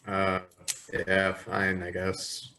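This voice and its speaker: A man co-hosting a podcast, telling rambling stories in a casual, animated way. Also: low-pitched, drawn-out words, a crowd in the background, low-quality recording. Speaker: podcast co-host. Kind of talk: casual chat.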